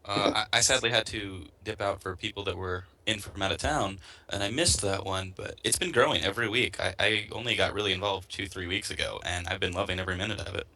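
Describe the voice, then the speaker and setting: A man's voice: low-pitched, quick pace, hardly any pauses, bright, forceful tone. A man co-casting an online tournament with a dry, wry, composed delivery. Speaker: tournament co-caster. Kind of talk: casual esports casting.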